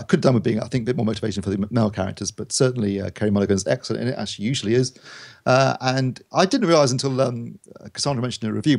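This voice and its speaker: A man with a low, gravelly voice and a husky edge talks quickly. He rambles through a casual podcast film review, full of ums and restarts. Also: darkish tone. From United Kingdom.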